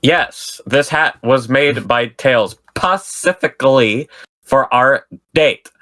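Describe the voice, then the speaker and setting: A man voicing a stiff, awkward male chameleon suitor in a flat, robotic delivery. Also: medium pitch, takes it slowly, pitched above the performer's own voice. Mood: stilted.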